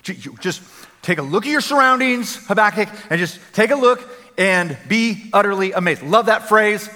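High bright-voiced male preacher. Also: moderate pace. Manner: energetic conversational preaching with repeated phrases. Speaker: pastor. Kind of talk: sermon. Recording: long hall reverb.

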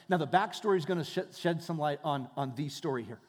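High-voiced pastor preaching in a hall. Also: male voice, brisk, hardly any pauses. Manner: conversational, rhetorical questions, repeats phrases. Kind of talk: sermon. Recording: reverberant hall.

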